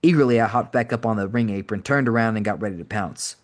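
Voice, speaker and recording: A man narrating an audiobook in a brisk, wry first-person reading. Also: lowish voice. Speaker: podcast host reading an audiobook.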